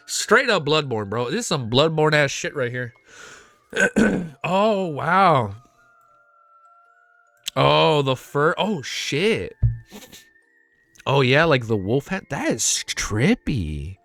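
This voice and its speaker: A man reacting live on stream, excitable and emotional, cursing often as he talks to chat. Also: fairly high pitch, slow pace, long pauses, no echo, faint music behind. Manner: excitable, swears a lot, emotional. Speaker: streamer reacting to web novel fan art.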